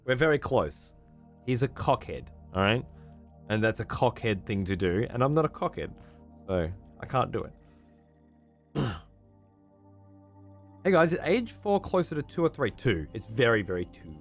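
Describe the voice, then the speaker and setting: An Australian man chats on his stream, loose and profane, and he laughs often. His pitch swings widely as he talks. Faint music plays behind him. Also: big pitch swings, moderate pace, pauses often. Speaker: streamer host. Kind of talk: casual stream chat.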